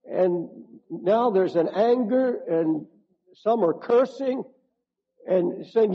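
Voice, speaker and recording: A man's voice: high-pitched, lively intonation, breathy edge, in a large hall. A male preacher telling a scripture story in a sermon, speaking straight to the listener, with frequent restarts and a growing urgency. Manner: storytelling, addressing the listener directly, rising to emphatic pleas; halting restarts and repeated words. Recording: dull lo-fi sermon recording.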